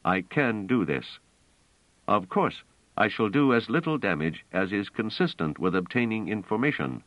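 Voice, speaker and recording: A man's voice: on the low side, moderate pace, no echo, voice pushed up, lightly acted. A man putting on a cold, literal guard robot. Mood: menacing. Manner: flat, literal, interrogating. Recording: dull, dry audio.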